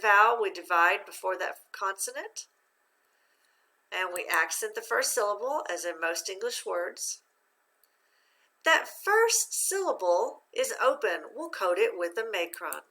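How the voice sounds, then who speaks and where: A woman leads a phonics lesson at an unhurried, deliberate pace. Her voice is bright and clear, and she walks the listener through each step. She pauses for answers and gives encouraging praise. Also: mid-range voice. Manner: slow, patient, encouraging, asks questions and praises. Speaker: reading teacher.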